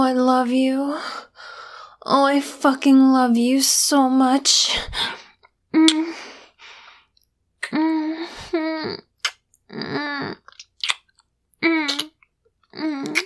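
Very slow, breathy young woman. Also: on the high side, fairly bright tone. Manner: breathy, sighing, often dropping to a whisper. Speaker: adult audio performer. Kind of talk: intimate adult audio role-play.

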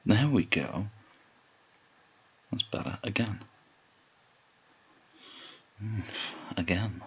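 A man in a whispered role-play, speaking in a slow, low murmur with a commanding, teasing manner. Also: lo-fi sound, slight background noise.

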